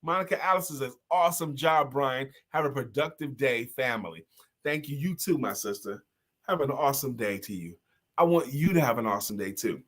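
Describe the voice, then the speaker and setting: A middle-aged man hosting a live talk show, reading out viewer comments and singing short jingles in an animated way. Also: mid-range voice, fairly quick. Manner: animated, sing-song jingles, bursts into shouts. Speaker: host.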